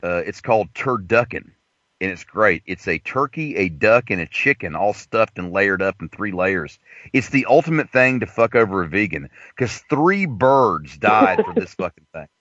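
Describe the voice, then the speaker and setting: A man hosting a call-in show, telling stories in a crude, excitable way. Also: fairly low pitch, moderate pace, no room sound, highs cut off. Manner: crude, excitable, laughing storyteller. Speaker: host. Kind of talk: casual chat.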